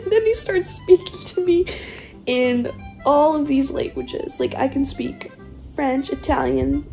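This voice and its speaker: A young woman in her twenties, telling a comic story in a giggly, profane, animated way. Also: high-pitched, normal speed, creaky, faint music behind. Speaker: vlogger.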